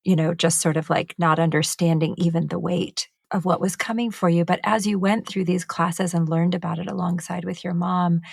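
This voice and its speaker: A woman co-hosts a podcast interview and asks her questions gently and with empathy. Her voice is fairly low and gravelly, and the sound is dry and close. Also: fairly even intonation, moderate pace, few pauses, no echo. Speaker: podcast co-host.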